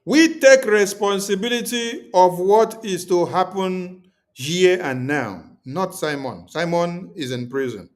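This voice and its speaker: Hosting a livestream, a man preaches emphatically to his viewers and keeps repeating his points. His voice sits high, slow-paced, with lively intonation.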